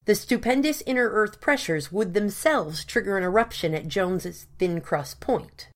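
A woman reading the part of an earnest male gentleman scientist who explains his plans in long, precise, formal sentences. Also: mid-range voice, animated, normal speed, pitched above the performer's own voice, close to an everyday voice.

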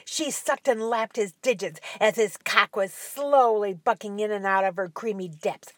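A woman narrating an adult audio story in a soft voice that drops to a whisper at times. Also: mid-range voice, moderate pace, noisy background.

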